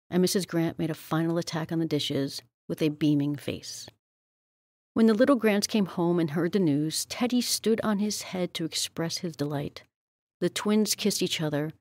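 A woman reading a story aloud in a steady, measured way. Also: deep voice, no room sound. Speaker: audiobook reader.

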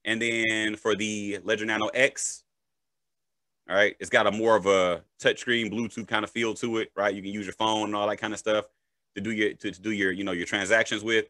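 Male crypto educator, casual and jokey, bright voice, dry close recording. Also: on the low side, a little fast, no room sound. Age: adult, a parent. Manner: animated, joking, checks in with "right?" and "okay?". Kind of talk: casual explainer.

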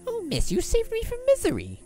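A woman's voice: very high-pitched, wildly swooping pitch, a little fast, mellow, faint music behind, full character voice. A woman voicing a polite, frail old male rat who speaks courteously and apologetically, in a game playthrough. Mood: courtly.

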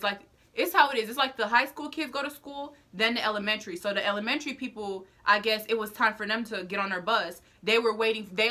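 A young woman vlogger telling a personal story to her viewers in a chatty, animated, slang-filled way. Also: a little high. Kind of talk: storytime vlog.

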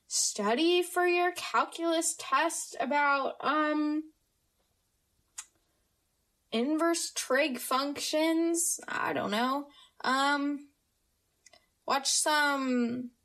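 Teenage girl, American, chatty podcast host, high bouncy voice. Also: fairly bright tone. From United States. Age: teens. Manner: chatty, upbeat, talks in quick asides. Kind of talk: casual chat.

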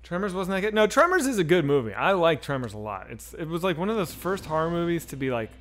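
A man's voice: fairly high pitch, sing-song, fast talker, a bit bright. A man in his forties streaming a video game, chatting loosely with his viewers and swearing as he plays. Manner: loose and profane, talks to chat while playing. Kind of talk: casual gaming livestream chat.

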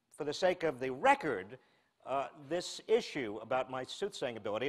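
A man in his sixties from the United States giving a humorous public lecture, telling a wry self-mocking story with deadpan asides. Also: a little high. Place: lecture hall before a live audience.

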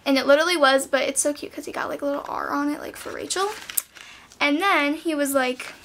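A teenage girl films a casual haul vlog, sounding bubbly and saying "like" and "literally" constantly. Her voice is high, a bit bright, and fairly even in intonation, and she talks fast over slight background noise.

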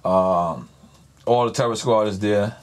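A man guest telling stories in a casual interview, animated and swearing freely. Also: on the low side, measured pace. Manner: animated, swears freely, acts out others' lines in voices.

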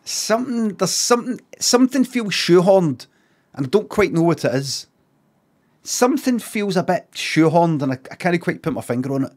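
A man with a Scottish accent, streaming casually and reacting out loud in a rambling, repetitive, sweary way. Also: sits high, lively intonation, normal speed.

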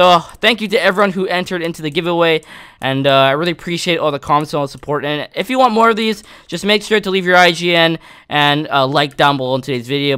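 Excitable young man narrating gameplay. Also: a little high, clean tone. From Canada. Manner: excitable, yelling at near misses. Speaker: gaming YouTuber. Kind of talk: casual gameplay commentary.

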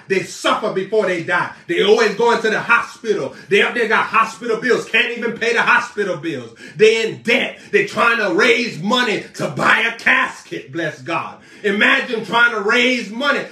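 High-voiced man preaching fiery sermon. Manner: shouting, scolding and mocking. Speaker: prophet preacher. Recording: echoey room, voice far from mic.

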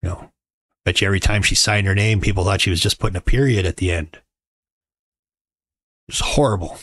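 A middle-aged man tells stories in a relaxed, joking way, his voice sitting low. The sound is close and dry, with no room echo, as if recorded at home. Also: fairly quick. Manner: wry, joking, conversational. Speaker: podcast host. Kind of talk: casual storytelling monologue.

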